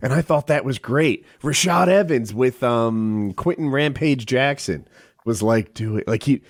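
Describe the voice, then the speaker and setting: A man's voice: medium pitch, unhurried, dry recording, studio quality. A man co-hosting a podcast in casual chat, telling stories animatedly and swearing freely. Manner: animated storytelling, acts out quotes in a raised voice. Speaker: podcast co-host.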